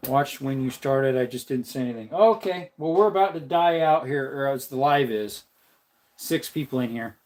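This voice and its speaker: A man's voice: moderate pace, darkish tone. A man hosting a casual livestream, rambling in chatty talk and reading out viewer comments. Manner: jokey, slips into a silly high voice. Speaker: livestream host.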